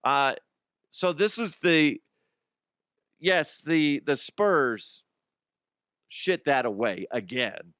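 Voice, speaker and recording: A man's voice: fairly high pitch, animated, very slow, long pauses, a bit bright, no room sound, studio quality. A man hosting a casual sports talk show, ranting with profanity and sarcasm and laughing at his own jokes. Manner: mocking impressions of fans and players.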